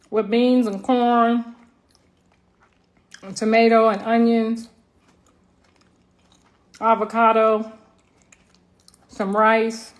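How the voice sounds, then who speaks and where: Loud, laughing woman chatting on a livestream. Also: a little high. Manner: loud, laughing, slangy storytelling. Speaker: livestream host. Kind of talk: casual live-stream chat.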